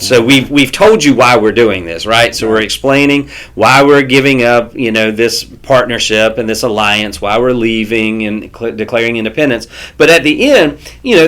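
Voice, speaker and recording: A man's voice: mid-range voice, normal speed, few pauses, fairly bright tone. A man co-hosting a casual history podcast, chatty and playful, thinking aloud as he talks. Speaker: podcast co-host.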